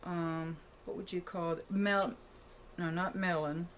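In a room with a closet at home, a woman chats casually to her tripod camera while presenting a shopping haul. Her fairly low voice stays steady and slow as she rambles and thinks aloud, over slight background noise.

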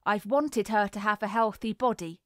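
A woman reading the lines of a grave, gentle middle-aged father who speaks quietly and firmly. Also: medium pitch, normal speed, dry recording, clean studio sound, natural voice. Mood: reassuring. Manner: quiet and reassuring, firm.

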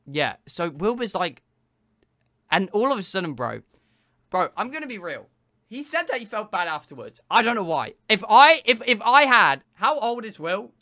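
This teenage streamer, seventeen and male, spins a rambling, eager story for his chat, full of fillers and profanity, in a voice that sits high.

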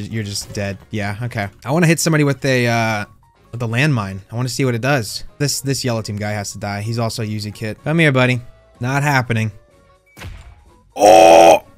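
A man's voice: medium pitch, no echo. Playful male gamer trash-talking. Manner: playful trash talk to other players, sudden excited yelps. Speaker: gaming YouTuber. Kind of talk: casual gameplay commentary.

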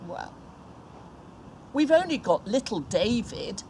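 A woman's voice: on the high side, sing-song, slow pace, a little mellow, slight background noise, exaggerated voice. A woman voicing Jesse, a father of many sons, in a children's Bible story. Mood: matter-of-fact.

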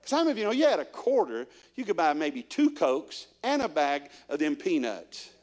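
At normal speed and in a slightly high voice, a man delivers a guest sermon to a church congregation. He is an animated storyteller, posing one question after another to his listeners.

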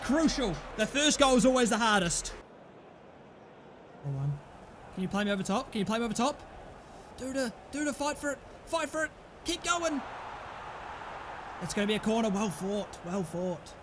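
Excitable high-voiced gaming commentator. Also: male voice, moderate pace, long pauses, slight background noise. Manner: excitable, shouts at the game, swings from groans to yelling. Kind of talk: live gameplay commentary.

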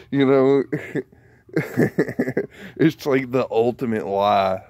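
A man ranting casually into the camera, rambling from point to point and swearing freely as he goes. He talks at an unhurried, drawn-out pace in a middle-pitched voice. The sound is dry and close, with no room echo. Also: darkish tone. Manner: profane, rambling, laughs often. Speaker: vlogger.

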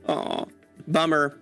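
A man's voice: a little high, vocal fry, pushed and bright. A young man in casual gaming chat, laughing, swearing and rambling through stories. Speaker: gamer.

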